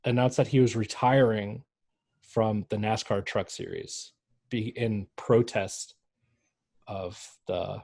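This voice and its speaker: A man co-hosting a casual sports podcast, animated and mocking, who often jumps into exaggerated voices. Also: on the low side, slow, creaky. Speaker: podcast co-host. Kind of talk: casual chat.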